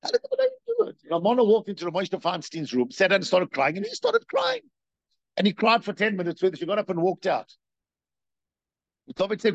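Animated high-voiced male lecturer, gravelly. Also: brisk, long pauses, no room sound. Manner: animated, rhetorical questions, repeats himself. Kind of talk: spoken Torah lecture. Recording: dull, dry lo-fi recording.

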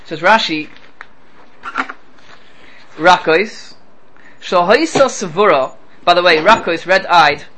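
This Torah teacher lectures on scripture slowly, with frequent pauses, in a high voice that is bright and forceful. He raises rhetorical questions and cites Hebrew verses, then translates them. The low-quality audio carries a slight hiss or hum.

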